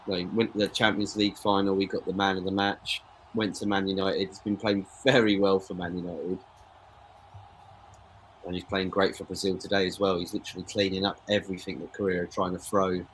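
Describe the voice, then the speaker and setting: A lowish-voiced man talking through a football match with a friend in easy, opinionated chat. He keeps dropping "mate" into his lines, and faint ambient noise sits under the recording. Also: flat delivery, a little fast. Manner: chatty, says "mate" often, opinionated. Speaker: co-host of football watchalong. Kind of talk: casual live match chat.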